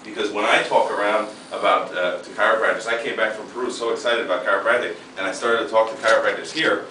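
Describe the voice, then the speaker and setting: Fired-up guy in his 30s giving a seminar pep talk, lowish voice, mic far off in a roomy hall. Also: fairly even intonation, fast, a little hiss or hum. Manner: fired-up, emphatic. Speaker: seminar speaker. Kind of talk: motivational talk. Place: seminar room. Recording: echoey room, mic far off.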